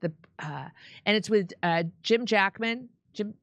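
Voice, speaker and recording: A woman co-hosting a show, chatting casually in halting, chatty speech with frequent laughs. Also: mid-range voice, no room sound, dull audio. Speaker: co-host. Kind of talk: casual live-stream chat.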